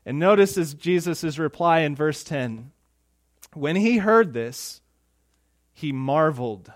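A man with a high voice preaches a sermon in a relaxed, conversational way. When he acts out the people in his story, he speaks louder and with more force. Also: slow. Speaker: pastor.

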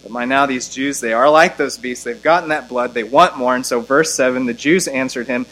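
Here a man with a slightly bright voice preaches from scripture in an expository style, pushing his points with rising force. The recording is low quality. His delivery is emphatic, swelling louder and higher on important lines and slowing to underline scripture.

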